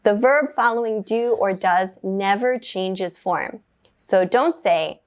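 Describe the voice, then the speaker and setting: A woman teaching beginner English grammar from a script. She speaks clearly and at a measured rate, and her voice lifts brightly whenever she praises the learner. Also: medium pitch.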